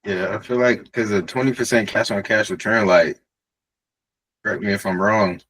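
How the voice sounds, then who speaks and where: A man's voice: on the low side, fairly even intonation, normal speed, a bit bright, breathy edge, rough recording. A man from the community asking questions in a casual chat, laughing easily and following up eagerly.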